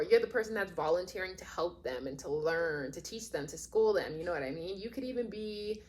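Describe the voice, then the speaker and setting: A woman's voice: medium pitch, normal speed, few pauses, darkish tone. A woman giving a casual tarot reading, rambling and chatty with lots of fillers, often acting out imagined quotes. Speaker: tarot reader.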